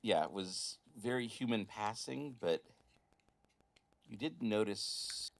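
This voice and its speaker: A man's voice: fairly low pitch, slow, vocal fry. An American man, the game master, chatting casually out of character with his players in a wry, blunt way and swearing freely. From United States. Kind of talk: casual out-of-character table chat.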